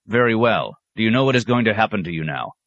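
A man's voice: fairly low pitch, very animated, fast, fairly bright tone, no room sound, lo-fi sound, pitched above the performer's own voice. A man voicing a stern, sarcastic abbot who questions a novice with cutting mockery. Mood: severe. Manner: mocking, cutting, sometimes roaring.

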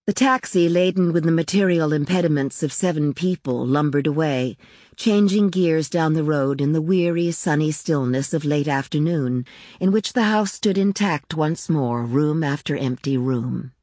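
A woman narrating a literary novel in a measured, unhurried reading. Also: low-pitched, mellow, dry recording, studio quality. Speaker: audiobook narrator.

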